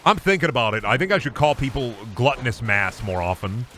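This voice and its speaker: Goofy, crude male streamer with a lively voice. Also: medium pitch, fairly quick, faint music behind. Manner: crude, goofy, rambling humor; trash-talks opponents. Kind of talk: casual gaming stream commentary.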